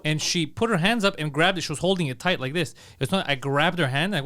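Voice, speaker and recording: A man co-hosting a comedy podcast tells a story fast and loose, swearing freely and jumping into the voices of the people in it. His voice sits high. His delivery is rapid. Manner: animated, profane, acts out the people in his stories. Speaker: podcast co-host.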